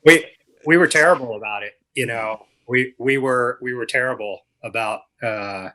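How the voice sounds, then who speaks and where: A man in his fifties, a charity organizer guest, speaking earnestly in a halting way with many restarts. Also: medium pitch, pushed and bright, poor audio. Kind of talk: casual interview talk.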